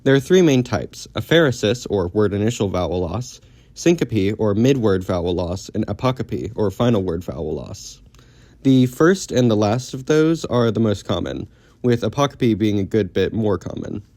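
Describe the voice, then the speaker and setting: Low-voiced man narrating a linguistics lesson. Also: expressive, darkish tone, no echo. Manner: measured, explanatory delivery. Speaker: linguistics video creator. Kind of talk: scripted educational narration.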